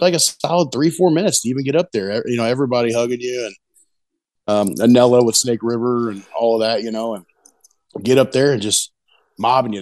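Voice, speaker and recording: A middle-aged pitmaster who cooks barbecue in competitions gets excited telling a wandering story during a casual interview, repeating "you know what I mean" a lot. His voice is mid-range and the recording dry.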